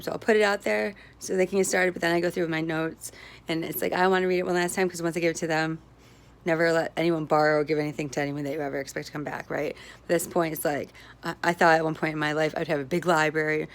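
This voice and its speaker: Woman, lower register, some vocal fry, chatty rambling delivery that loops back on itself. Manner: meandering, self-interrupting, often tags with "right?"; laughs easily between thoughts. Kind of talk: casual rambling monologue.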